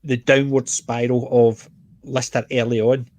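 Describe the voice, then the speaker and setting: A Scottish man hosting a stream, chatting casually about a book, self-mocking and quick to laugh. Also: medium pitch, flat delivery, darkish tone, no echo. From Scotland. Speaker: stream host.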